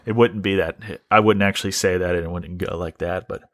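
A man's voice: low voice, steady tone, brisk, dry recording, clean studio sound. A man hosting a podcast who tells a story as an exasperated, wry rant and often repeats himself. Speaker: podcast host.

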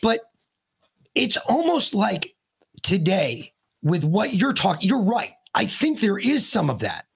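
A man, a podcast guest, telling a story in casual chat, blunt and profane, rambling and animated as he talks. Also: high-pitched, unhurried, gravelly, breathy edge.

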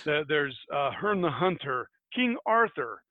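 A man's voice: on the high side, big pitch swings, unhurried, no room sound. Chatty American man, tinny dry audio. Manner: rambling, self-interrupting, laughs at himself. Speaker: podcast host. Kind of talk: casual podcast chat and folktale retelling. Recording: tinny phone-like dry sound.

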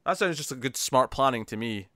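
A man's voice: mid-range voice, expressive, pushed and bright, no echo, studio quality. A man co-hosting a casual podcast, joking and teasing his co-host. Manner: joking, teasing, quick to laugh.

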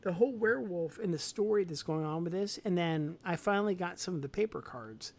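A woman co-hosting a casual podcast, her voice sitting a little low for a woman. She rambles with enthusiasm and stacks up filler words as she goes. Her delivery is loose and chatty. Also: lively intonation, a little fast, a little mellow. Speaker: podcast co-host. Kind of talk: casual chat.

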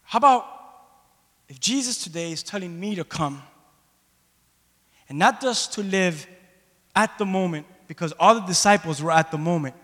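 Impassioned male preacher, high forceful voice, recorded in a church hall with long reverb. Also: moderate pace, long pauses. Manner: impassioned, shouting at peaks, addresses the congregation. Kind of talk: sermon.

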